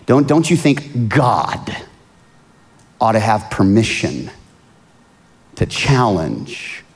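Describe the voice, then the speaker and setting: A man preaching a sermon, swinging from hushed, earnest lines to loud pleading outbursts. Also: on the low side, sing-song, very slow. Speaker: pastor.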